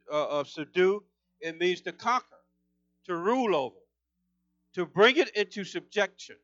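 A man preaching a sermon, fervent and emphatic, his voice climbing higher as he gets excited. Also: dry recording, dull audio.

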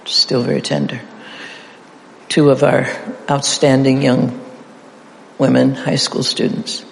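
A man's voice: mid-range voice, completely flat delivery, takes it slowly, gravelly, a little hiss or hum. A middle-aged man preaching an interactive sermon, playfully leading his audience through call-and-response repetitions. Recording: echoey hall with faint ambience.

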